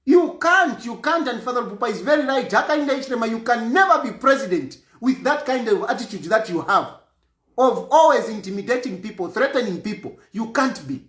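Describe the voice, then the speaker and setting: A man from Zambia speaks out in an emphatic political statement, hammering points home by repeating them. His pitch rises and falls in a lively way as he talks. The sound carries the echo of a roomy space. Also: brisk. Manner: emphatic, repeats phrases for force.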